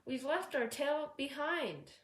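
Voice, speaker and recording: Brief: woman reader playing a watchful train driver, urgent warnings, slow pace. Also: sits high, big pitch swings, a bit bright, voice pushed up, full character voice, poor audio. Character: watchful male engine driver, encouraging.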